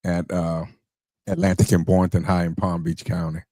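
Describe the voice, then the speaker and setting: A man co-hosting a podcast, passing along a listener's message in a steady, plain way. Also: low voice, moderate pace, no echo, studio quality. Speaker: podcast co-host. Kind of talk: casual interview talk.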